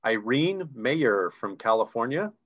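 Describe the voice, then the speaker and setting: A man's voice: medium pitch, sing-song, a little slow, fairly bright tone. Enthusiastic man on dull video-call audio. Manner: enthusiastic, chatty explaining ranks. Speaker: co-host reading recognition names. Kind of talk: live online recognition announcing.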